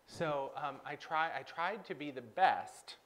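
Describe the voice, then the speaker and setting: A man's voice: on the high side, a little slow, a bit bright. A man coaching a guest on a live stream, reflecting back what she says and asking probing questions.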